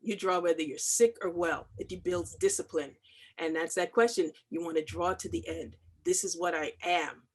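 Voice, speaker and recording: A woman's voice: lowish voice, steady tone, moderate pace, husky. A middle-aged woman, a comics artist, talking in an interview with impassioned, emphatic stress and repeated phrases. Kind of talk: video call interview.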